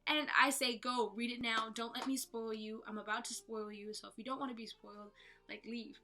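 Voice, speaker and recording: A woman's voice: fairly high pitch, fairly even intonation, brisk, sharp tone. A woman giving a casual, chatty book review at home. She rambles playfully and corrects herself as she goes. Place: room at home with bookshelves. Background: faint background music.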